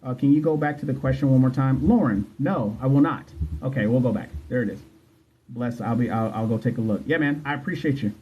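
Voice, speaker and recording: A man's voice: medium pitch, brisk, muffled recording, slight background noise. A man hosting a casual livestream as a nursing exam coach, reading viewer comments aloud in a chatty, loose way and repeating himself. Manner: chatty, loose, repeats phrases, slangy asides.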